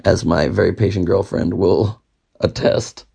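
A young man hosts a laid-back podcast in a low, gravelly, slightly husky voice. He rambles, jokes and slips into bits of song. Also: steady tone, unhurried, warm tone. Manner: jokey, rambling, breaks into song. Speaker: podcast host. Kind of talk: casual podcast chat.

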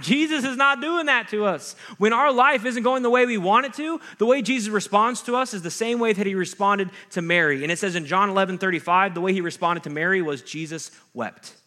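A man's voice: high voice, a little fast, hardly any pauses, bright, forceful tone. A young adult man, a pastor, giving a sermon in a conversational way, with jokey asides and acted-out quotes.

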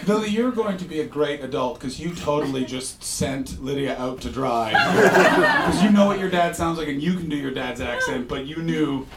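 A man hosting a live comedy podcast, telling stories in an animated, joking way, recorded from a distant mic in an echoey room. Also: fairly high pitch, normal speed, very noisy. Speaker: comedian host.

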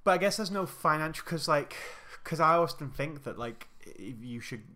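A man's voice: a little high, lively intonation, normal speed, sharp tone. A man co-hosting a podcast, giving blunt, sweary opinions in casual chat. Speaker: podcast co-host.

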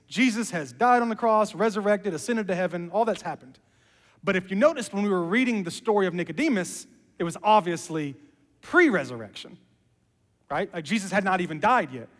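Male pastor, high register, lively storyteller; long hall reverb on the mic. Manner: animated storytelling, drops to hushed emphasis. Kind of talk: sermon.

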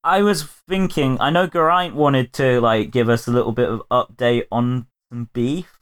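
A man's voice: medium pitch, fairly even intonation, moderate pace, clean tone. A man hosting a podcast in casual chat, rambling, swearing and laughing often. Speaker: podcast host.

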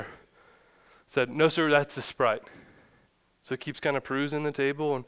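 A man's voice: medium pitch, fairly even intonation, a little fast, sharp tone, clean tone. A man in his thirties, a pastor giving a conversational sermon in a church, chatty and self-deprecating, acting out a funny story. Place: church sanctuary.

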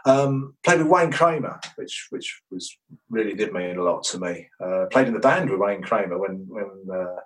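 A musician guest in a radio interview, telling rambling, enthusiastic anecdotes. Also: male voice, on the low side, expressive, moderate pace, far from the mic, low-quality recording.

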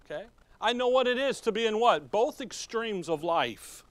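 A man's voice: high-pitched, animated, moderate pace, fairly bright tone. A man preaching a folksy sermon, asking the congregation questions and chuckling as he goes. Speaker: pastor.

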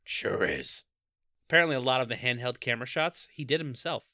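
A man co-hosting a casual movie podcast, chatty and quick to laugh while sharing film trivia. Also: medium pitch, expressive, a crowd in the background. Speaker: podcast co-host.

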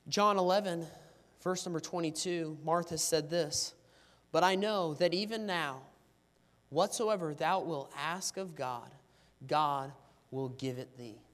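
A man's voice: fairly high pitch, a little slow, a bit bright, big-room sound. A man preaching a sermon, telling a story about his daughter and then pleading earnestly in prayer for revival. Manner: fervent, rising to pleading intensity in prayer.

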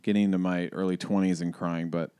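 Man, podcast co-host, lowish pitch, reflective, rambling, dry sound. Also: little pitch movement, quick pace, warm tone, smooth, no room sound. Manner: reflective, rambling with many restarts and fillers. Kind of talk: casual conversational podcast.

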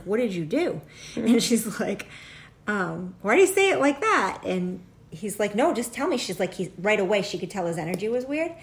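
A woman co-hosting a casual chat, telling a client's story with lively acted-out quotes. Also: medium pitch. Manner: animated storyteller, acts out quoted voices.

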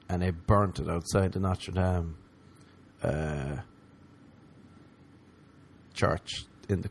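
A man ranting in a comedic monologue, sarcastic and profane, mocking people in high squeaky put-on voices. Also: a little mellow, a little hiss or hum.

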